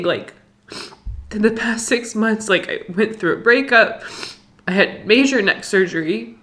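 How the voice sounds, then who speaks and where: A young woman telling an emotional personal story, halting and distressed, full of fillers and restarts. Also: medium pitch, fairly bright tone. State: distressed, near tears.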